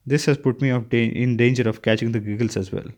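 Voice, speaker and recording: A man reading a novel aloud as an audiobook narrator, with a steady delivery and occasional slips. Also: mid-range voice, fast. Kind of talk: scripted narration.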